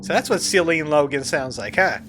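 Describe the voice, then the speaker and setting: Male let's-play host, jokey running commentary, pitched a bit high, over game music. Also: animated, moderate pace. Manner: chatty, jokey, reads game dialogue aloud. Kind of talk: casual gameplay commentary.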